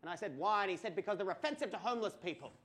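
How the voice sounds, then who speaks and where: Australian man, high voice, stand-up comic, animated and crude. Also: racing, background noise. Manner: animated, crude storytelling with swearing and mock outbursts. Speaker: stand-up comedian. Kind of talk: stand-up comedy storytelling.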